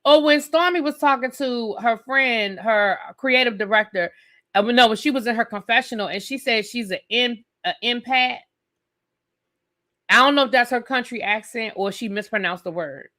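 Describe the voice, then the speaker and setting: A woman's voice: on the high side, normal speed, pushed and bright. A woman hosting a live stream who reviews a TV episode in an opinionated, sassy rant and talks straight to her viewers.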